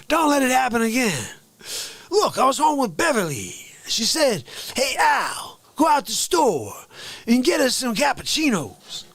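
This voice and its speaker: A man doing a comedic impression of a gruff, drawling tough-guy movie star. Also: very high voice, wildly swooping pitch, slow pace, pauses often, fairly bright tone, no echo, pitched above the performer's own voice, full character voice. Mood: blustery.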